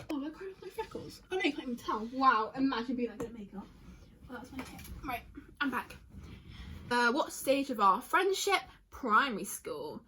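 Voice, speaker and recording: A woman's voice: a little high, animated, sharp tone, slight background noise. A young woman vlogging in a rambling, chatty way, reading out answers and getting emotional easily. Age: young adult. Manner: chatty, rambling, quick to tear up. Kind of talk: casual vlog chat reading answers aloud.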